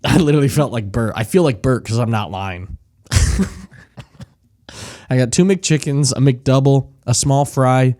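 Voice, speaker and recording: Lively, laughing young man on a call. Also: mid-range voice. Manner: laughing, animated, rambling storyteller. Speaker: podcast co-host. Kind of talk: casual chat over video call. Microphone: remote video call mic.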